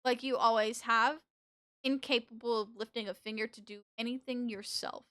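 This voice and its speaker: A woman's voice: fairly even intonation, moderate pace, bright, forceful tone, dry recording. A woman voicing a cold, mocking villain who taunts and menaces the player in a horror game. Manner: low, contemptuous, menacing.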